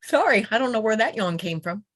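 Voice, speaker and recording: A woman's voice: on the high side, expressive, brisk, no room sound, clean studio sound. A woman who is a regular on a quilting video call, chatting casually and telling little stories with frequent laughs. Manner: chatty storyteller, laughs often. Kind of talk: casual chat.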